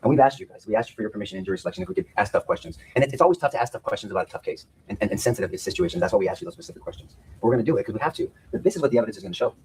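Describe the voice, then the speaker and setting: A man's voice: fairly low pitch, very animated, rapid-fire, a little mellow, slight background noise, rough recording. A man speaking as a defense attorney in a courtroom, giving an earnest opening statement to a jury and often repeating words as he restarts his sentences.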